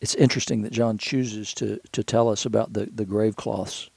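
A man's voice: fairly low pitch, steady tone, moderate pace, creaky, darkish tone, husky, dry recording. A man teaching scripture in a conversational way, thinking aloud with frequent restarts and repeated words.

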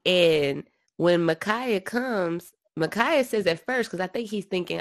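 A woman casually retelling Bible stories, slangy and animated, acting out the characters' lines. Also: lowish voice, a little slow, dry recording, clean studio sound. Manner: animated storyteller, slangy, acts out quotes. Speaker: podcast co-host discussing scripture. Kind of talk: casual Bible discussion chat.

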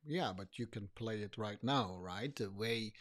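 A man's voice: on the low side, measured pace, fairly bright tone. A man co-hosting a dance podcast, explaining his points by demonstrating them, with lots of "you know" and "right". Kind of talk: casual conversation about dance.

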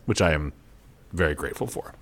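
This is a young man with a very low voice, talking casually on a podcast. He rambles a little and laughs a lot, and gets lively as his stories build. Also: fairly quick, breathy edge. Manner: rambling, laughs often, animated when telling stories. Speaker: podcast co-host. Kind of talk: casual chat.

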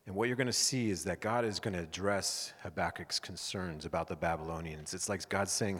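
A man in his thirties preaches with a low, deep voice, breaking into animated storytelling and playing out the people he quotes. His voice rings out with the long reverb of a large hall. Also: fairly quick, hardly any pauses, breathy edge. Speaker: pastor. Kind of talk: sermon with personal storytelling.

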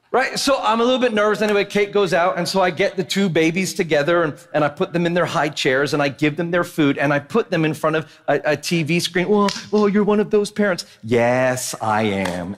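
A man in his thirties preaching a sermon as pastor, telling a funny family story in an animated, joking way and often asking the crowd "right?". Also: fairly high pitch. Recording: long hall reverb of a church.

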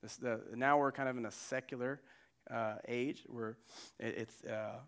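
A man pastor preaching a sermon, conversational and animated, with side digressions. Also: mid-range voice, a little slow, clean tone.

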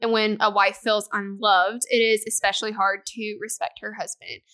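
A woman's voice: mid-range voice, normal speed. A young adult woman co-hosting a podcast, chatting casually and acting out quoted exchanges with animation. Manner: animated, acts out quoted exchanges with her husband. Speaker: podcast co-host. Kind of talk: casual chat.

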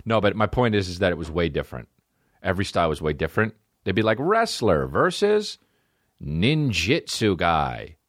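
A man's voice: low voice, fast, dry recording, clean studio sound. A man hosting a comedy podcast, riffing in a rambling, profane monologue. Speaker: podcast host. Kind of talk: stand-up style comedy monologue.

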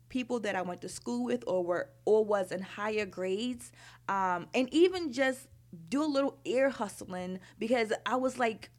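Candid woman telling her story. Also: mid-range voice. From Baltimore, Maryland. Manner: frank, conversational, heavy use of "like" and "you know". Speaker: storyteller recounting her youth.

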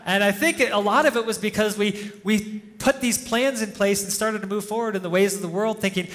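A male pastor delivers an informal, conversational sermon to a congregation in a church hall, telling stories and chuckling often. His voice is high-pitched, steady, brisk, and a bit bright, and the hall adds a long reverb.

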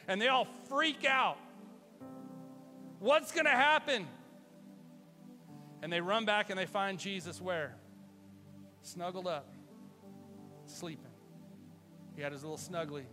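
Man, pastor, livestream sermon, high voice, lively delivery, loud-to-hushed swings. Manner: animated, conversational preaching with dramatic swings from loud to hushed.

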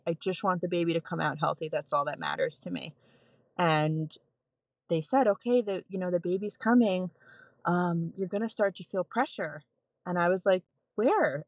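A woman in her thirties, a postpartum nurse, telling a candid personal story as a podcast guest, animated and laughing often. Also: fairly low pitch, no echo.

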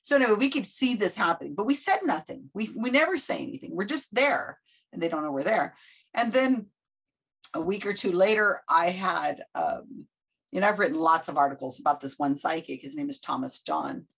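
A middle-aged American woman with a husky, breathy voice tells a story as a guest on a casual podcast interview. She talks loosely and chattily, often slipping into the voices of people she quotes. Her pitch is fairly low, her intonation lively, her pace brisk, and her tone fairly bright.

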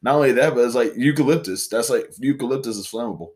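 A man's voice: mid-range voice, fast, a little mellow. A man co-hosting a podcast in casual chat, rambling with frequent laughs and restarts. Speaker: podcast co-host.

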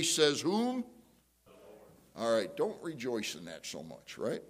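A middle-aged man preaching a sermon, telling a story and acting out the voices in it with big jumps up in pitch. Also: slow, pauses often, slightly rough. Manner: animated storytelling, jumps high to act out quotes. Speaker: pastor. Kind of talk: sermon with acted-out anecdote.

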